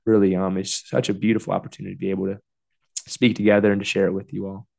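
A man co-hosting a faith podcast, talking earnestly and softly, laughing easily, and leading a spoken prayer into a podcast microphone. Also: low-pitched, level tone, racing, vocal fry. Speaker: podcast co-host. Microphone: new podcast microphone.

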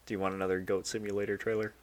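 A man's voice: fairly low pitch, level tone, very fast, no room sound. A man co-hosting a gaming news podcast in a laid-back, teasing way, sounding sleepy. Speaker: podcast co-host. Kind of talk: casual chat.

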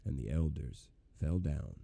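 A man reading scripture aloud in a measured, solemn way. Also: a bass voice, sing-song, creaky, dark tone. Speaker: Bible reader.

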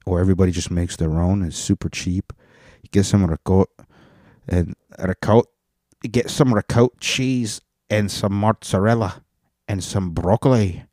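A man's voice: low-pitched, steady tone, a little slow, dark tone, no room sound, studio quality. A man hosting a podcast, rambling profanely through a comedic rant and slipping into joke accents. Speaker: podcast host.

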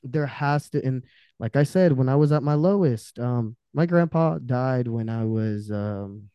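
A young man, a podcast guest, telling candid personal stories with intensity, swearing freely and swinging between loud outbursts and quiet trailing-off. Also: medium pitch, measured pace, clean tone, dry recording, dull audio. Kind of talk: candid personal storytelling in conversation.

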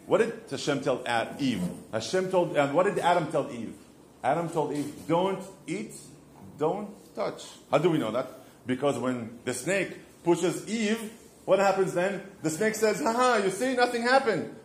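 Animated and measured, a man with a higher-pitched voice teaches about marriage on his podcast in a casual, faith-based monologue. He tells stories and asks questions only to answer them himself. The recording carries room echo and faint background noise.

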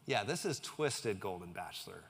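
A man's voice: on the low side, very animated, moderate pace, vocal fry, slightly rough, long reverb tail. A male pastor giving a sermon in a conversational way, with joking asides to the congregation.

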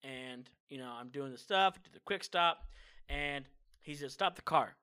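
A young man telling a long story in casual chat, breaking into loud, shouted impressions of an old teacher. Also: medium pitch, unhurried, smooth. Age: young adult.

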